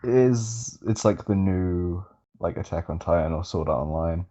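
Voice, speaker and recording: A man's voice: sits low, moderate pace, background noise. A man, co-hosting a casual anime chat, laid-back and brief. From Britain. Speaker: co-host. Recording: dull lo-fi call audio.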